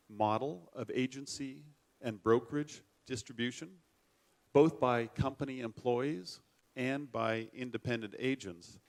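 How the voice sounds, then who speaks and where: Man, middle-aged, mid-pitched voice, formal keynote speech, measured. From United States. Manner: measured, formal, self-deprecating. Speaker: keynote speaker.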